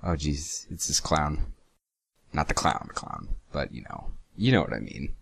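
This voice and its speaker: A man's voice: extremely low pitch, animated, unhurried, vocal fry, a bit bright, breathy edge, no room sound. A young man giving casual, sarcastic reaction commentary, swearing freely and stumbling as he reads lines aloud. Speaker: reaction video host.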